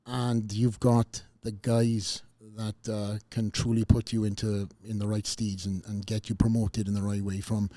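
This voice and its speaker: A man's voice: lowish voice, level tone, unhurried, hardly any pauses, dry recording. A man hosting a podcast, joking around and rambling with lots of fillers before thanking his guest. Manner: joking, rambling, warm sign-offs with fillers. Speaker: podcast host. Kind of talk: casual podcast chat.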